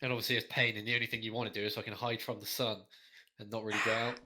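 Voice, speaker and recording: A man's voice: lowish voice, flat delivery, rapid-fire, pushed and bright. A young man, co-hosting a podcast in a rambling, storytelling way with a lot of swearing. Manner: rambling storyteller, heavy swearing, frequent laughs. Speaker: podcast co-host. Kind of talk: casual chat.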